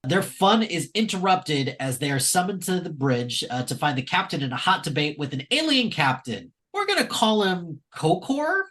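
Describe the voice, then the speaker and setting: A man co-hosting a podcast, recapping an episode in casual, animated chat with frequent fillers and laughs. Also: fairly high pitch, normal speed, few pauses. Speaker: podcast co-host.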